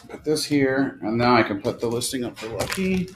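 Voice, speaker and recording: A man hosting a casual live stream, rapidly listing names and breaking into excited outbursts and curses. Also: medium pitch, music in the background, low-quality recording. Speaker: live stream card seller.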